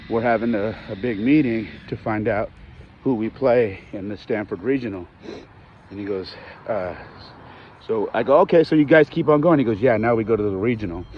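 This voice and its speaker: A man in his forties hosting a podcast, casually retelling a conversation and acting out both sides of it. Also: mid-range voice. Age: 40s. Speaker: podcast host. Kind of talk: casual storytelling. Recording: dull lo-fi audio with faint background noise.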